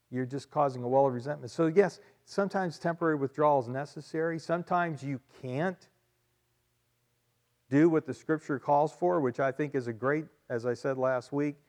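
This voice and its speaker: A man's voice: medium pitch, a little mellow. Emphatic male pastor preaching a sermon. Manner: emphatic, repeats key phrases for emphasis; conversational asides to the congregation.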